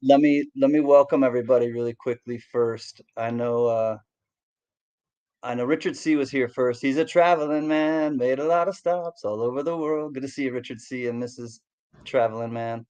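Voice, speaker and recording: A man hosting a casual livestream, cheerfully greeting viewers by name in quick shout-outs. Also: mid-range voice, smooth. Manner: upbeat, reads out chat names in quick greetings. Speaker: livestream host.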